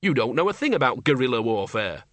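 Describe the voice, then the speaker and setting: A man's voice: mid-range voice, big pitch swings, fast, a bit bright, dry recording. A man voicing a gung-ho, self-important male wizard dean who plays at being a soldier, in a storybook reading. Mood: swaggering.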